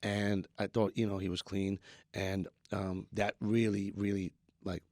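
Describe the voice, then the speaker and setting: Soft-spoken halting young man. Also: on the low side, flat delivery, no room sound, clean studio sound. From New York, USA. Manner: halting, many restarts and "like" fillers. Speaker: musician guest. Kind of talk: candid interview talk.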